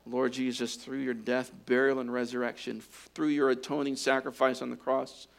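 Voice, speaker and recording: A man preaching a sermon. He builds to loud, fervent exhortation and then drops to a hushed closing prayer. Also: mid-range voice, level tone, moderate pace, gravelly. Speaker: pastor.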